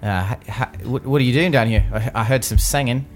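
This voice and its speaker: A man's voice: medium pitch, brisk, soft background music, lightly acted. A man voicing a nervous, chatty male wanderer who stammers and rambles in a put-on British accent. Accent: British-sounding put-on.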